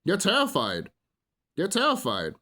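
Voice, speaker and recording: A man's voice: high-pitched, huge pitch swings, measured pace, pushed and bright. A man ranting in a solo monologue, profane and rambling, full of fillers, preaching to his listeners as brothers and sisters. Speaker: vlogger.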